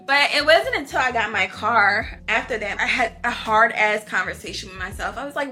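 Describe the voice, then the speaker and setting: A woman's voice: medium pitch, animated, normal speed, pushed and bright, faint music behind. A woman vlogger telling personal stories to her viewers in a candid, casual way, laughing often and calling them y'all. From not from Houston. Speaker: book review vlogger.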